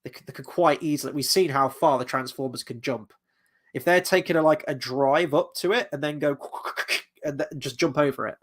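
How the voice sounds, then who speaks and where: A man's voice: on the high side, a little fast. A man giving a casual spoken film review, rambling and hesitant, often correcting himself and stopping on fillers.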